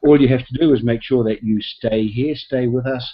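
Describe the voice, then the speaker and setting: A man's voice: mid-range voice, steady tone, moderate pace. A man hosting a team call, chatty and upbeat, rambling with fillers as he welcomes people over a video call. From South Pacific, not Australia. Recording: dull lo-fi call audio.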